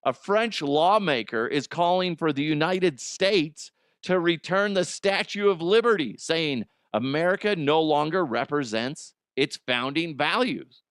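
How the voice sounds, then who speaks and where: Animated joking male podcast host. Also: measured pace, no room sound, clean studio sound. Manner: animated storytelling, jumps into loud high exclamations. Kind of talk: comedic monologue.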